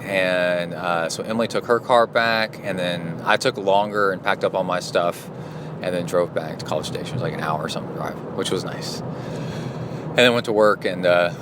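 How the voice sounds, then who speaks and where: A middle-aged man talks casually as a podcast host and coach. His voice sits fairly low, and he rambles with frequent fillers and self-corrections. A faint noise floor runs under the recording. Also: normal speed. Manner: rambling, with many fillers and restarts. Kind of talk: casual solo podcast recap.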